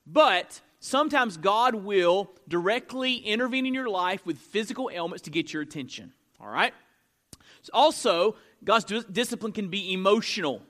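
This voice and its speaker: A man's voice: sits high, expressive, normal speed, bright, forceful tone. A man preaching a sermon, asking the congregation rhetorical questions and using frequent fillers and restarts. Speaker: pastor.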